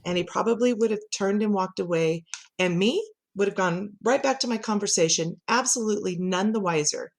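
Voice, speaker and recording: A middle-aged woman, a communication coach, chatting as a podcast guest and telling animated stories with frequent laughter. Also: medium pitch, fairly quick. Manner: lively storyteller who laughs often and acts out quotes. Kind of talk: conversational podcast interview.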